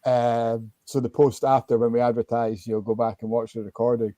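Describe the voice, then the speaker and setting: A Scottish man hosting a relaxed, chatty conversation on a video call. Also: medium pitch, normal speed, dry recording. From Scotland. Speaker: host. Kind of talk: casual chat.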